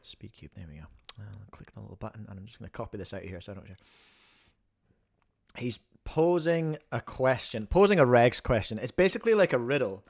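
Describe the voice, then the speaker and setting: A man's voice: medium pitch, very animated, a little fast, creaky, a little mellow. A man hosting a livestream in a casual, rambling, jokey way, chewing a snack as he talks. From New Zealand. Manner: rambling, self-interrupting, jokey. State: chewing while talking. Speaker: livestream host.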